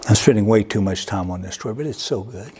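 A man preaching a sermon, telling a story with restarts and repeated words, his pitch jumping upward at emotional peaks. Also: fast, a little mellow, slight background noise. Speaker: pastor.

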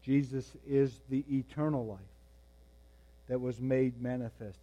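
A man preaching a sermon, moving between quiet, intense passages and raised, emphatic ones. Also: medium pitch, fairly even intonation, measured pace, lo-fi sound. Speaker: pastor.

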